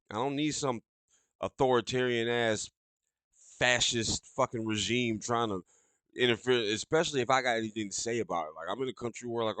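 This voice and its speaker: A man's voice: medium pitch, fairly bright tone, no room sound. Blunt, profane man ranting, dry sound. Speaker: podcast host. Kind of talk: casual monologue.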